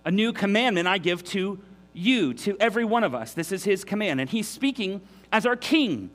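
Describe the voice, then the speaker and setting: A man's voice: high voice, expressive, normal speed, a bit bright. A man preaching a sermon in an earnest, emphatic way, often restarting his sentences. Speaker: pastor.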